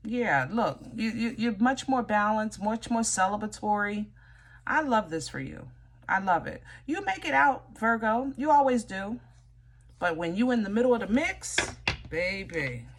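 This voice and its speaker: A woman's voice: on the high side, lively intonation, measured pace. A woman giving a casual tarot reading to viewers, chatty and direct, often teasing with "you know?" and "okay?". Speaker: tarot reader.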